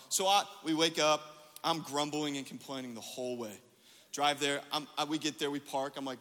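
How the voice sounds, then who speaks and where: A man preaching a sermon as pastor, telling a story with lively quoted dialogue. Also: on the high side, brisk, big-room sound.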